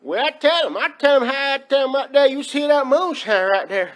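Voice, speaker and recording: A man's voice: very high-pitched, animated, a little fast, fairly bright tone. A man hosting a comedic countdown, talking in a rambling, folksy, exaggerated drawl. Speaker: host of a countdown video.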